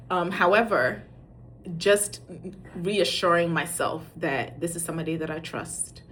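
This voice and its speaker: A middle-aged woman telling a funny parenting story in a casual, animated way. She acts out the dialogue and pokes fun at herself. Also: lowish voice, slight background noise. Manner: animated, acts out quoted dialogue, self-mocking. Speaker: parent sharing dating advice.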